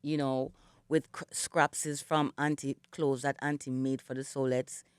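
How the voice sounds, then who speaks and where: Her voice rumbles low and smooth, level in tone and unhurried, as this middle-aged Jamaican woman, a singer appearing as a radio guest, reflects and tells stories. It's early and her morning voice hasn't warmed up yet, and "you know" keeps cropping up in her speech. There's no room sound, just clean studio audio.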